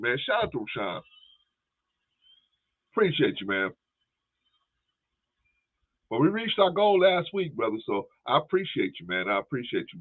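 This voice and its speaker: A man hosting a livestream, giving casual commentary, laughing often and peppering his talk with "man" as he thanks viewers for donations. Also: medium pitch. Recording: tinny phone-like audio.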